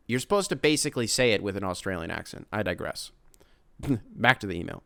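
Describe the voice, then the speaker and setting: A man's voice: lowish voice, expressive, fairly quick, creaky, a bit bright, no echo. A young American man hosting a sports podcast, talking casually in rambling, profane rants full of tangents. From United States. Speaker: podcast host.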